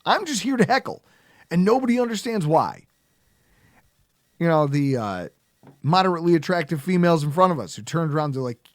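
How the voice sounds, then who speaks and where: A man hosting a sports podcast, his fairly high voice swinging widely as he rants with sarcastic, heckling energy. The sound is dry and close to the mic. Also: huge pitch swings, a little fast, no echo. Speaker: podcast host. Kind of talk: casual sports podcast rant.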